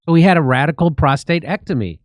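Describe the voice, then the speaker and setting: A man's voice: on the high side, animated, fast talker, no echo. A man hosting a comedy show, delivering sarcastic, joking satirical commentary.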